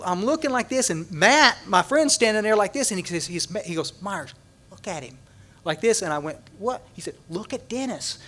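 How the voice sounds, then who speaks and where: A man, speaking at a recovery conference and animatedly acting out a story for the audience, with many restarts. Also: high voice. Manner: animated, acts out scenes, frequent restarts. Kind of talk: storytelling talk to a large audience.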